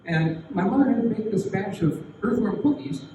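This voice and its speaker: A man's voice: high voice, normal speed, noisy background, pitched above the performer's own voice, close to an everyday voice. An older man voicing an earnest teenage girl in an eager schoolgirl voice, heard from across an echoey hall. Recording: echoey hall recorded from far off.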